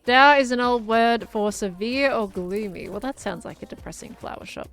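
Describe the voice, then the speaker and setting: A woman's voice: a little high, moderate pace, a bit bright, soft background music. A woman chatting casually and giggling as she thinks aloud while playing a game. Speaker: gaming streamer.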